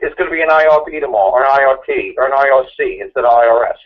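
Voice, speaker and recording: A man ranting and arguing in a repetitive, mocking way as a guest on a call-in talk show. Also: mid-range voice. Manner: rapid, repetitive, mocking, argumentative. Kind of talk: impassioned ranting chat. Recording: tinny phone line.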